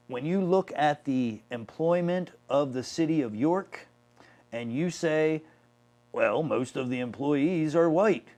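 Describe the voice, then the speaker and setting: A man's voice: mid-range voice, darkish tone. A man serving as a city mayor, earnestly explaining policy at length in a town hall discussion, restarting his sentences often.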